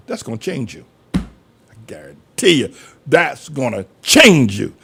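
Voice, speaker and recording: A man's voice: mid-range voice, big pitch swings, measured pace, gravelly, long pauses, fairly bright tone, slight background noise. An older man preaching a folksy sermon as pastor, from North Carolina, acting out quoted voices as he talks.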